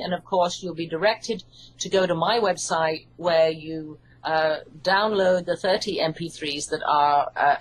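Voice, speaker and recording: English lady hypnotherapist, lowish voice, calm reassuring explaining, bit of hiss behind. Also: low-quality recording. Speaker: hypnotherapist and author. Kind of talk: interview answers.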